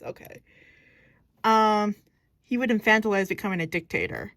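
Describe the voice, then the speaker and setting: A woman's voice: mid-range voice, moderate pace, pauses often, fairly bright tone, no room sound. A woman casually explaining her acting technique. She thinks aloud, searches for words and corrects herself as she goes. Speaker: acting student.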